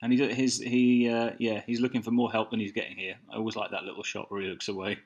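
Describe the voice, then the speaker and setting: A man's voice: on the low side, little pitch movement, fast, lo-fi sound. A man with a Birmingham accent, chatting casually through a film audio commentary. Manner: easygoing, chatty, a few restarts. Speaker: documentary commentary co-host.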